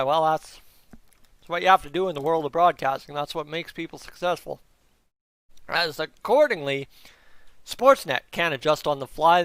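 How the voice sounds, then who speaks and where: A young man hosts a casual live hockey reaction stream. His voice sits high and comes through smooth and clear. He talks straight to his chat and slips into quick play-by-play, recorded close and dry. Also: fairly bright tone, dry recording. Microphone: close mic.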